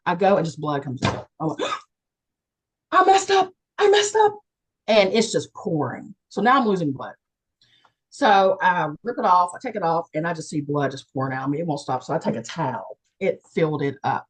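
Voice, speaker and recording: A woman from West Virginia tells her own story on a video call, with a husky, fairly low voice. She is lively and expressive, and her pitch swings widely. She acts out the people in her story with sudden jumps in voice. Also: fairly quick, rough recording. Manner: animated, acts out quoted people with big jumps in voice. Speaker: panelist and co-author sharing a near-death experience. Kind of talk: candid personal storytelling.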